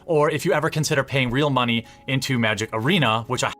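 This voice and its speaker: A man speaking a monologue to camera, laying out his argument in a measured way with rising endings. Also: mid-range voice, fairly bright tone, faint music behind, natural voice. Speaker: commentator in a played video.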